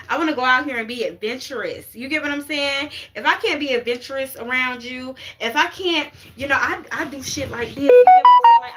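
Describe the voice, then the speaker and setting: A woman talks loosely to her viewers as a spiritual reader, her slightly high voice bright and forceful. She swears freely, laughs often and keeps checking in with "you get what I'm saying?". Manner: animated, profane, laughs often. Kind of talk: casual livestream talk.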